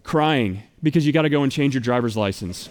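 A man in his thirties from the United States, preaching a sermon as pastor, storytelling with playful, animated asides. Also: mid-range voice, a little fast.

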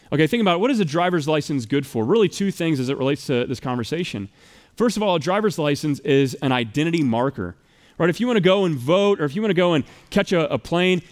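A man in his thirties from the United States, preaching a sermon as pastor, storytelling with playful, animated asides. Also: high-pitched.

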